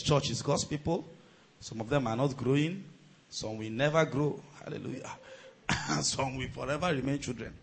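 Male pastor, fairly high, bright and husky, preaches with big shouted surges. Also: rough recording. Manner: preaching with loud surges and shouts, then quiet storytelling. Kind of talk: sermon.

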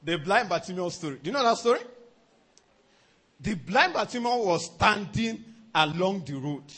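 A pastor preaches in a high, lively voice that leaps up and down. His tone is bright with a husky edge, and he chuckles often as he drives his points home. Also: normal speed. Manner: animated preaching, often chuckling, repeats "let me tell you". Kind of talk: sermon.

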